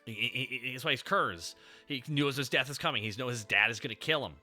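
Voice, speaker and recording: A man hosting a casual ranking stream, telling stories in an excitable, profane rush. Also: mid-range voice, soft background music. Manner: excitable, profane, fast storytelling. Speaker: streamer host.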